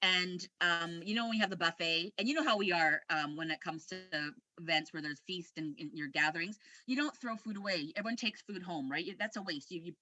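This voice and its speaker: Bright-voiced woman telling candid stories. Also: lowish voice, a little fast, few pauses, no room sound. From Canada. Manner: rambling and candid, laughs often, many restarts. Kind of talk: casual personal storytelling.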